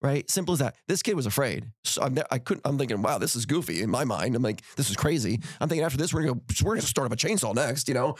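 A man's voice: medium pitch, animated, very fast, hardly any pauses, husky, no room sound, studio quality. A man telling a motivational story on a podcast, speaking with energy and acting out the dialogue in his stories. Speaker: podcast guest and author.

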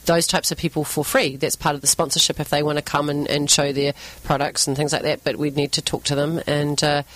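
A woman's voice: low-pitched, flat delivery, fairly quick, a bit bright, no echo, poor audio. A woman guesting on a radio show in a studio, chatty and enthusiastic, with frequent ums and restarts. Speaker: event organizer and actress, guest. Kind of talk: casual radio interview.

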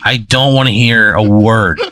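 A man's voice: on the low side, unhurried, bright, forceful tone. A young man on a comedy podcast reacting with incredulous questions and casual swearing. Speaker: podcast co-host.

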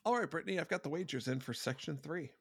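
A man keeps score on a trivia podcast, reading out points in a dry, matter-of-fact way. His voice is husky with a gravelly edge. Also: fairly high pitch, fast talker, no room sound. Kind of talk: casual podcast banter.

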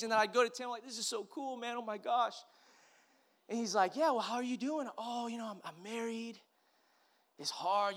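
Pastor guy with a high voice, preaching, chatty, goes quiet then loud. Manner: personal and conversational, swings from hushed to emphatic. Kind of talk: sermon storytelling.

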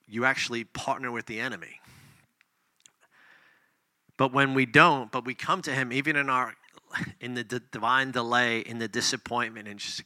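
A man preaching a sermon, reading scripture and explaining it conversationally, swinging between loud emphasis and hushed near-whispers. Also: mid-range voice, dry recording. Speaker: pastor.

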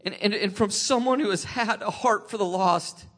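A man sharing a personal faith testimony, emotional and tearful, halting with many restarts. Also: sits high, a bit bright.

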